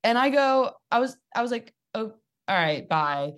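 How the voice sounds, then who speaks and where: A young adult woman comedian telling a dating story in casual podcast chat, animated and joking, with quick asides. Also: on the high side. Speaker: comedian guest.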